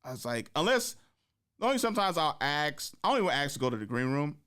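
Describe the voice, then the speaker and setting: A man hosting a podcast, telling comedy-club stories in a casual, animated way, acting out the people he quotes and laughing often. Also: fairly high pitch, fast, clear, resonant tone. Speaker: podcast host and stand-up comedian. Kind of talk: casual storytelling chat.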